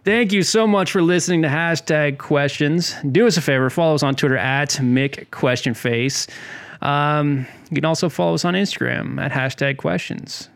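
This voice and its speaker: A man's voice: a little high, moderate pace, gravelly, fairly bright tone, smooth. A man co-hosting a podcast in casual banter, dry and teasing with a mock-snobbish edge. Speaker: podcast co-host.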